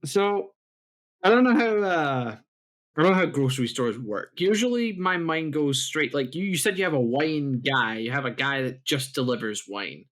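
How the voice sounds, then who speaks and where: A man's voice: on the high side, animated, moderate pace, fairly bright tone. A young man co-hosting a casual podcast, laughing often and chiming in with jokes and questions. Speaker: podcast co-host. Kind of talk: casual chat.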